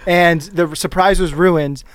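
A man's voice: a little high, fairly even intonation, unhurried, clean tone, no room sound, clean studio sound. A young man in casual chat who checks the facts and repeats himself. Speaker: podcast co-host.

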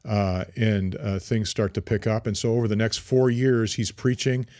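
A man's voice: fairly low pitch, fairly even intonation, moderate pace, a little mellow, dry recording. Male podcast co-host, chatty storyteller, frequent restarts, dry studio sound. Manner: rambling, many fillers and restarts. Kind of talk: casual history chat.

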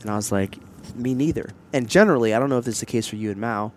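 A man of ordinary pitch talks openly and at length, wandering through his story with lots of "like" and "you know," stopping to explain himself as he goes. He sounds like a podcast host chatting with a friend while out in public, speaking into a headset mic. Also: rapid-fire, darkish tone. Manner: candid, rambling storytelling with many fillers and asides. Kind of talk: casual chat. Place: outdoors in public, wearing headsets.

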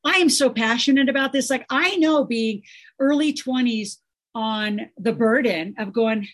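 A middle-aged woman speaking as a guest in a casual interview, emphatic and animated, full of fillers. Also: on the high side, unhurried. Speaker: guest, financial educator.

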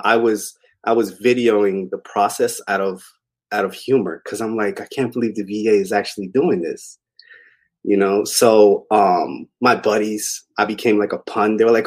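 A young man with a slightly low voice tells a personal story in a relaxed, rambling way. He keeps it casual and conversational, with plenty of filler words. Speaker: interview guest.

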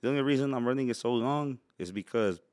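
A man's voice: medium pitch, fast talker, a little mellow, no room sound. A man chatting casually as a podcast guest, laid-back, swearing and laughing often. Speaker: podcast guest, truck brand owner. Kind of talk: casual chat.

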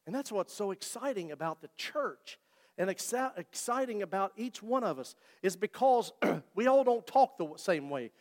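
A pastor with a high-pitched voice and lively intonation preaches a sermon at normal speed in a church sanctuary. He talks to the congregation conversationally and jokes with them. The church hall gives the recording a long reverb.

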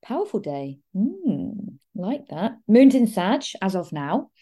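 A woman hosting an astrology podcast, talking fast in a rambling, digressive way with frequent asides. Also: medium pitch, sing-song, dark tone, breathy edge. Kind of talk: casual solo podcast monologue.

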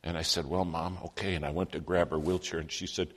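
A man's voice: low-pitched, brisk, few pauses, fairly bright tone, big-room sound. A man preaching a sermon, telling a personal story and quoting others in his own plain voice.

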